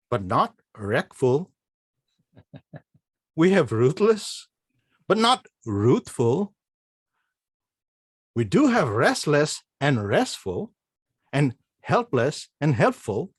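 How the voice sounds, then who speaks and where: A man giving a humorous prepared speech at a speaking club, playful, full of rhetorical questions and slow, deliberate spelling out. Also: on the high side, sing-song, breathy edge, dry recording, studio quality. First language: not English. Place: club meeting room.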